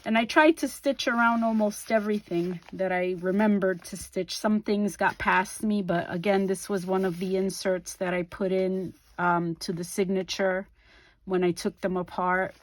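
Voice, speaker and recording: A middle-aged woman hosting a craft video, calmly describing her journal page by page with frequent ums and small self-corrections. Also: medium pitch, moderate pace. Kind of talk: casual craft flip-through narration.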